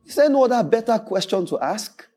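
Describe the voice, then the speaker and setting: A man's voice: high voice, fairly quick. A male pastor preaching a sermon, telling stories with acted-out voices and frequent laughter. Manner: animated storytelling preacher, acts out quoted voices, laughs often.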